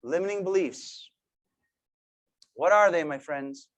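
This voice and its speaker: A man in his thirties giving a motivational talk to a team, telling stories with quiet asides and sudden loud bursts. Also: a little high, slow. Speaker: motivational speaker.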